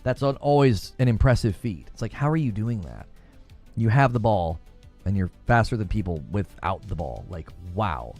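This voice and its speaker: A middle-aged man hosting a gaming podcast, telling a story in casual chat, heated and animated, restarting sentences often. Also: fairly low pitch, normal speed, soft background music. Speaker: podcast host.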